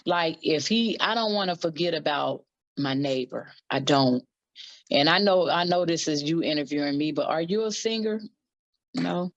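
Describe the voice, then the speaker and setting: A woman's voice: low voice, normal speed, no echo. Woman, gospel singer guest, blunt colloquial talk, dry, muffled audio. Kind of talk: candid casual interview talk.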